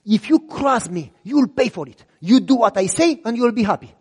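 A man voicing an angry, domineering male church official who shouts threats. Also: high-pitched, lively intonation, normal speed, slightly rough, long reverb tail, pitched above the performer's own voice. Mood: threatening.

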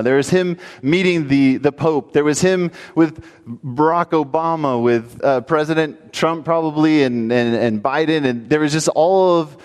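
Man, pastor, sermon, slightly high voice, animated storytelling, emphatic exhortation, echoing church hall.

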